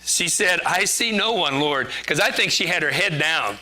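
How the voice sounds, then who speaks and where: A man's voice: fairly high pitch, expressive, normal speed, bright, forceful tone. A man giving a conversational sermon, chatty and joking, laughing at himself as he preaches.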